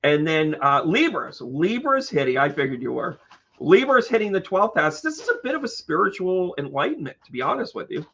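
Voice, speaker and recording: Guy doing a casual astrology stream, gravelly voice, kinda dull lo-fi audio, jokes around w viewers. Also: sits high, big pitch swings, a little fast, fairly bright tone. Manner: chatty and joking, talking to viewers by name. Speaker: astrologer and tarot reader hosting a live stream. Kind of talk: casual live stream chat.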